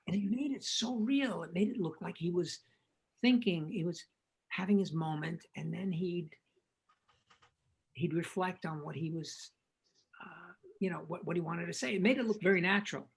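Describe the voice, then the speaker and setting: Older man telling gravelly stories. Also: high voice, moderate pace, poor audio. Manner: animated anecdotes, acting out quotes. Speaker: film director, interview guest. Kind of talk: casual storytelling interview.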